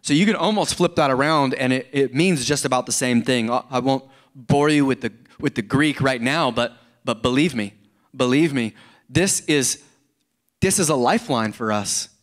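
A man's voice: mid-range voice, moderate pace. A middle-aged man preaching a sermon in church, conversational and earnest, often repeating words and rising into emphasis. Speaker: pastor.

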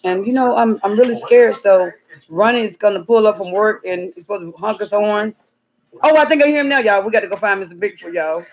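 A woman's voice: mid-range voice, fairly quick, lo-fi sound, a little hiss or hum. A woman hosting a comedic outdoor vlog in the cold, fretting aloud and calling out for her missing dog. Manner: excitable, frets aloud, calls out a dog's name. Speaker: channel host.

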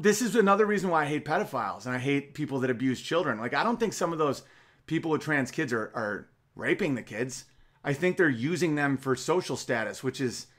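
A man hosting a podcast, delivering a casual comedic monologue in a rambling, profane, emphatic way. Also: a little high.

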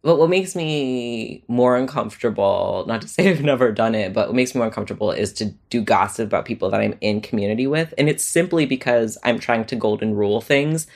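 Chatty, self-deprecating podcast guest, mid-pitched. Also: fairly quick, gravelly, few pauses, darkish tone. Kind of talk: casual chat.

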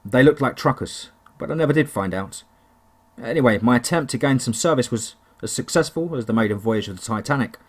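Give me a man narrating a first-person horror tale in a steady, deliberate voice. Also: medium pitch, breathy edge.

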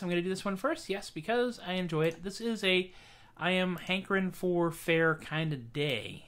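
Between songs on his casual webcam show, the host, a singer-songwriter, rambles along in a wry, self-deprecating way. He speaks at a moderate pace in a high, fairly bright voice with lively intonation.

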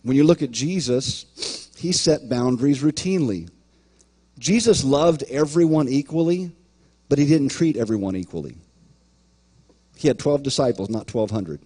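A man's voice: mid-range voice, animated, normal speed, dark tone, slightly rough. A man preaching a sermon as pastor, emphatic, often repeating words and acting out imagined voices.

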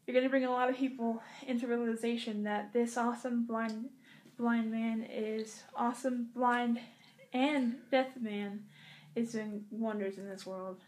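A young woman vlogging from a hotel room, speaking in a halting, earnest way with many pauses and restarts. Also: a little high, fairly even intonation, a little mellow, slight background noise. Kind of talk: casual heartfelt address to camera.

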